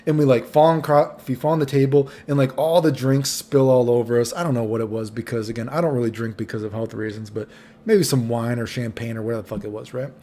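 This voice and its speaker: A young man rambling through a storytime monologue in a casual, profane way. He peppers his talk with "right?" and "you know", swinging between loud bursts and low mutters. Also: steady tone, fast talker. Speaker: vlogger.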